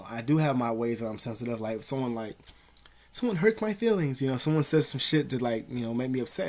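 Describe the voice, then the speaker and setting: A man's voice: mid-range voice, a little mellow. A young man giving blunt, profane advice to camera at home in casual street slang, calling the listener "dog" and "man". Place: at home, dogs nearby.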